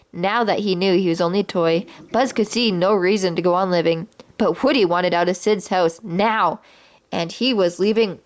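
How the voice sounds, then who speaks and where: A woman reading a children's storybook aloud with clear, steady narration. Her voice sits at an ordinary middle pitch for a woman.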